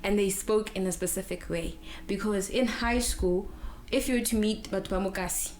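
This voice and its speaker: A young South African woman co-hosting a casual podcast chat, telling stories in an animated way. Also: mid-range voice, normal speed, slight background noise. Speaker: podcast co-host.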